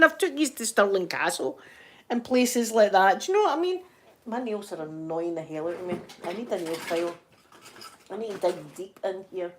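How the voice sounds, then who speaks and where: A middle-aged woman with a Scottish accent, chatting casually and rambling to her viewers as a channel host, laughing often. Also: medium pitch. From Scotland.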